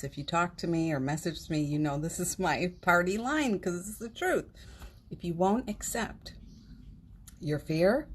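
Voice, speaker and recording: A woman's voice: lowish voice, a little mellow, slight background noise. A woman hosting a home livestream, talking in a heartfelt, rambling way with many fillers and restarts. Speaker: livestream host. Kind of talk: casual inspirational livestream talk. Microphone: phone on a live stream.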